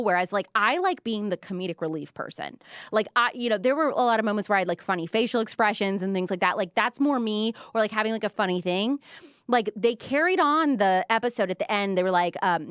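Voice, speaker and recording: A woman's voice: mid-range voice, fairly bright tone, dry recording, studio quality. A young woman hosting a pop culture show, talking casually and self-deprecatingly with lots of fillers and playful quoted voices. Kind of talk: casual chat to camera.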